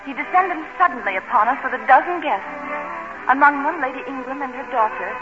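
A woman gives voice to a quiet, earnest young governess who narrates her own story in a vintage radio drama. Her voice is high, soft-spoken and restrained. The recording is dull and dated, with a loud music score behind her. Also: a little fast, natural voice. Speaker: narrator and heroine.

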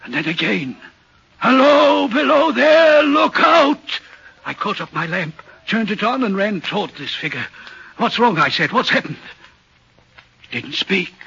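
An actor playing an uneasy railway signalman in vintage radio drama, talking in an earnest, troubled, deliberate way with a husky voice. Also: a little high, animated, bright, forceful tone, full character voice. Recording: muffled old radio recording.

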